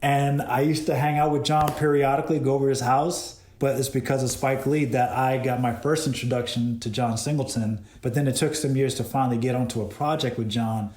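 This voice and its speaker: Cinematographer guest, lively storyteller, laughs a lot, voice a bit echoey. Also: male voice, medium pitch, fairly quick, hardly any pauses. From Boston. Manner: animated, laughing, retells exchanges. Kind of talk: casual storytelling interview. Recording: roomy echo.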